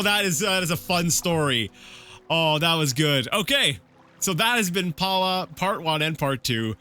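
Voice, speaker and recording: Lively man reading a book aloud. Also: fairly high pitch, measured pace, smooth. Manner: stumbles over words, animated asides. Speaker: let's play host reading an in-game book. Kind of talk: casual read-aloud with commentary.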